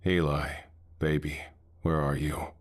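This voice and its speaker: A man voicing a hollow monster that copies human voices, in a soft, eerily calm way. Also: very deep voice, takes it slowly, no echo, clean studio sound. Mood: coaxing mimicry.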